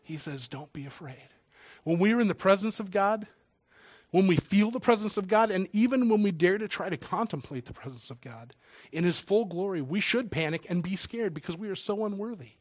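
Man preacher, slightly high voice, emotional, loud readings then hushed asides, dry mic. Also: expressive, a little fast, dry recording. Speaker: preacher and church drummer. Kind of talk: sermon.

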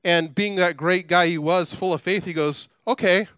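Animated middle-aged preacher, bright voice. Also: male voice, high voice, moderate pace, clean tone, no room sound. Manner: animated storytelling with chatty asides. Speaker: pastor. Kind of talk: sermon.

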